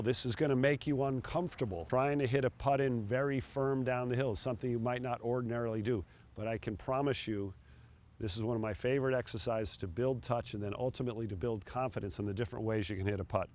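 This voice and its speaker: A middle-aged man coaching putting outdoors on a green, talking in a relaxed, encouraging way between putts. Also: mid-range voice. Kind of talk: on-course instruction.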